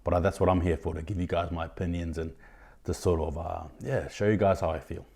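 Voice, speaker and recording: A man hosting his own rugby league podcast, giving indignant opinions in a ranting style, with sudden loud outbursts of disbelief. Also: sits low, fairly even intonation, brisk, creaky, husky. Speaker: podcast host. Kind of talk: opinionated sports commentary.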